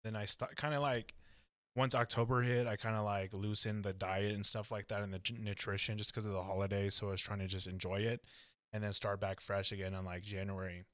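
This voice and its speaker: Male podcast host, joking and loose, lowish voice, dry mic. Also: flat delivery, a little fast, fairly bright tone, dry recording. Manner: easygoing, joking, swears casually. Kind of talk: casual podcast chat.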